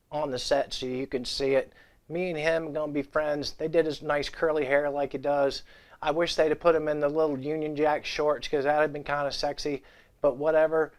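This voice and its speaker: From his home set, a man running a guitar gear channel chats casually to the camera. His somewhat high voice carries rambling, offhand jokes and cheeky asides.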